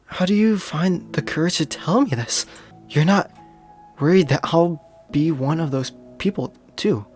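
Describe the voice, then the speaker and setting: Brief: a gentle, reassuring teenage club president, read by a player from a visual novel. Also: medium pitch, measured pace, faint music behind, lightly acted. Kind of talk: reading a visual novel aloud.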